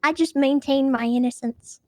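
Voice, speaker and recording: A high-pitched woman defends herself in an online roleplay courtroom, her words now and then sliding into a southern drawl. She sounds defensive but stays calm. The sound is dry and close to the mic. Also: moderate pace, no echo. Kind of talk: in-character roleplay banter.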